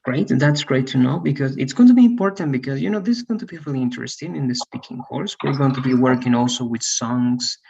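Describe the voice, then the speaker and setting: A man's voice: medium pitch, fast, gravelly, hardly any pauses, a little mellow, husky, dull audio. A man teaching an English lesson over a video call, patient, often checking in with "right?". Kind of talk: one-on-one online English lesson.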